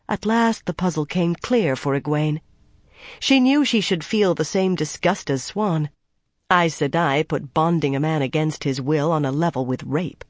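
An audiobook narrator reading a fantasy novel in a measured, even storytelling voice. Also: mid-range voice, dry recording. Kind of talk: scripted narration.

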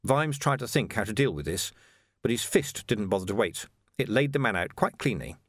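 A man narrating a novel as an audiobook, with dramatic, expressive storytelling. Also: lowish voice, normal speed, dry recording, clean studio sound. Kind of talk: scripted narration.

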